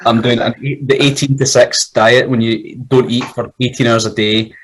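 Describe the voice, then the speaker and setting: A man trades sweary, jokey banter as a podcast co-host. His pitch sits in a middling range, with a little faint noise behind him. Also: flat delivery, moderate pace. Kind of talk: casual chat.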